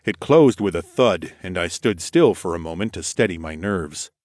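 Male narrator, low register, steady first-person storytelling, close dry mic. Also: normal speed, no room sound. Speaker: audiobook narrator.

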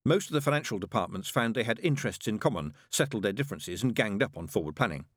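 A man narrating an audiobook in a dry, measured manner. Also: lowish voice, lively intonation, slightly rough, dry recording.

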